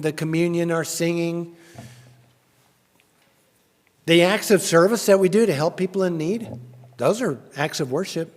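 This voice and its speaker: A man preaching a sermon in a church, chatty and questioning, rising loudly when he reads scripture. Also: on the high side. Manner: conversational, asks the congregation questions. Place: church sanctuary. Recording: long church reverb.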